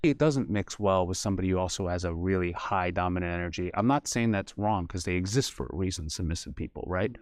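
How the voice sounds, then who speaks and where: A man speaking as a panel guest in a relaxed, conversational way, telling personal stories. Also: sits low, fast, few pauses, dry recording, clean studio sound. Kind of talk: casual panel debate.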